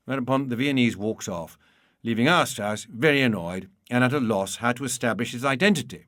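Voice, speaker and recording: A man reading a humorous memoir aloud in a wry, measured storytelling manner. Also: medium pitch, a bit bright, dry recording, clean studio sound. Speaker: narrator. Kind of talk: audiobook reading.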